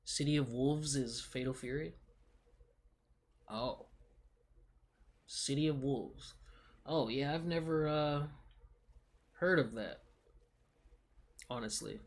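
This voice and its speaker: A man's voice: mid-range voice, a little mellow. A young man streaming, chatting casually in a laid-back, rambling, slangy way. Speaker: livestreamer. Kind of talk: casual livestream chat.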